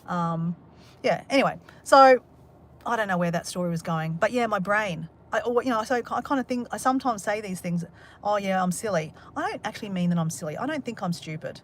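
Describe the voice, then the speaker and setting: A woman's voice: medium pitch, lively intonation, fairly quick, slight background noise. An Australian woman chatting casually on a livestream, rambling and joking with a sarcastic, self-mocking humour as she reads out viewer comments. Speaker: livestream host. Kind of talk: casual live chat reading comments.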